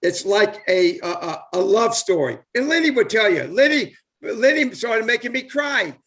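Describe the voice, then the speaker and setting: A man's voice: sits high, big pitch swings, moderate pace, fairly bright tone. A man, hosting a casual live video chat and rambling enthusiastically with lots of fillers and repeats. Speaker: host, former baseball player.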